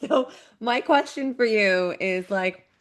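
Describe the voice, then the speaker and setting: A woman's voice: mid-range voice, takes it slowly. A woman calling in over a video call, chatty and joking about herself. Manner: chatty, self-deprecating jokes. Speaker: caller.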